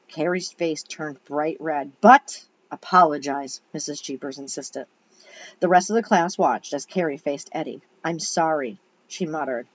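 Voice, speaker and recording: Woman, bedtime storybook reading, casual and chatty, self-correcting stumbles, lowish voice, muffled lo-fi recording. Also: a little hiss or hum. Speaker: storybook reader. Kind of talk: reading a children's chapter book aloud as a bedtime story.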